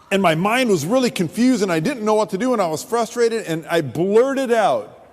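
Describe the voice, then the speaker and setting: Lively storytelling man pastor. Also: sits high, brisk. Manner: animated, humorous storyteller. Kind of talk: sermon testimony storytelling. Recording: long hall reverb.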